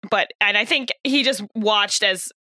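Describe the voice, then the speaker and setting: A woman talking casually as a tabletop game player, excitable and rambling, with playful swearing. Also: medium pitch, a little slow, no room sound, clean studio sound. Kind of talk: casual chat about a game character.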